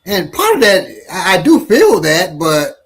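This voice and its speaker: A man, a martial arts instructor, telling a story in casual talk, halting and restarting often. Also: sits high, huge pitch swings, a bit bright, husky. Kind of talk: casual storytelling in a panel discussion.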